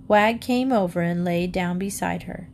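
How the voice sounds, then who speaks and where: A woman reading a children's book aloud, with lively storytelling. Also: normal speed, a little hiss or hum. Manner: lively storytelling, raises pitch for the girl's lines. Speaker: reader.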